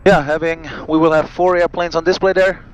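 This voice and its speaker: A man, a pilot and vlog host, reading out cockpit checklists crisply and adding friendly asides to viewers from a small aircraft cockpit. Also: fairly high pitch, little pitch movement, a little fast, low-quality recording.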